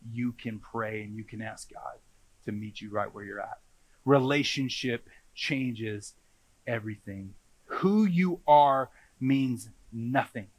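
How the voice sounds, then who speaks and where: A man's voice: mid-range voice, fairly bright tone, no room sound. Conversational man preaching, dry close sound. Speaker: pastor. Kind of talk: sermon.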